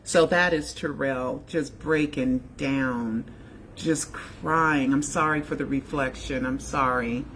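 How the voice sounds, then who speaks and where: A woman's voice: extremely low pitch, steady tone, takes it slowly, fairly bright tone, slight background noise. A woman in her sixties hosting a casual video chat from her home, talking in a digressive, emotional way. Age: 60s. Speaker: video host. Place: home room.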